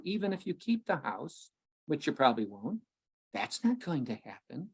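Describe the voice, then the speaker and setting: A man, an author guest on a podcast, speaking with passion, restarting phrases often and slowing down to stress his points. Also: fairly high pitch, animated. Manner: impassioned, restarts often, slows for emphasis. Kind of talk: podcast interview.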